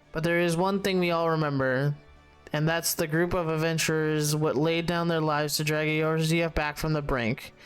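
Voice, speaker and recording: A man reading the lines of a gruff, salty middle-aged tavern keeper from a video game, stumbling over words and restarting as he reads the dialogue aloud. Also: on the high side, fairly bright tone, natural voice.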